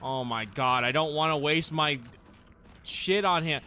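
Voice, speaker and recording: A man streaming a horror game, yelling and swearing in exasperation at an enemy that blocks his way, then laughing it off. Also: on the high side, measured pace. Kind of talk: casual gameplay commentary.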